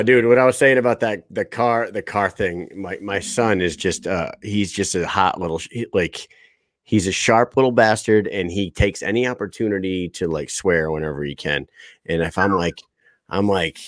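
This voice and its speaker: A man's voice: lowish voice, moderate pace, dry recording, clean studio sound. A man in his thirties hosting a podcast in loose, profane casual chat, laughing often. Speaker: podcast host.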